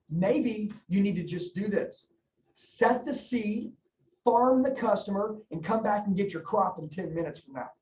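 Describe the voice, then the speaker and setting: A man's voice: high voice, a little hiss or hum. Male sales coach, punchy and repetitive, recorded from a distance, dull and roomy sound. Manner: fast, emphatic, coaching, repeats key phrases. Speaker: sales trainer. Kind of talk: energetic sales training talk with role-played customer dialogue.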